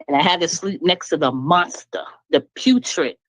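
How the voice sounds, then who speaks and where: A woman's voice: lowish voice, normal speed, no echo, low-quality recording. Blunt, emphatic woman venting. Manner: blunt, emphatic, laughing between points. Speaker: guest speaker. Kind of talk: candid personal venting.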